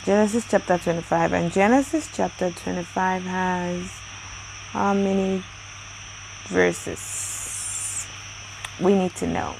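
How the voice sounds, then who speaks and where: A woman's voice: fairly low pitch, big pitch swings, moderate pace, vocal fry, noisy background. A woman hosting a daily Bible reading channel, chatting casually and effusively with many exclamations. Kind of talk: casual chat with birthday shout-outs.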